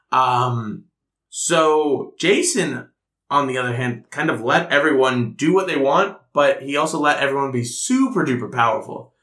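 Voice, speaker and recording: A man's voice: medium pitch, sharp tone. A young man chatting casually, rambling and self-mocking with lots of fillers as he tells a story. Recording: roomy echoey room.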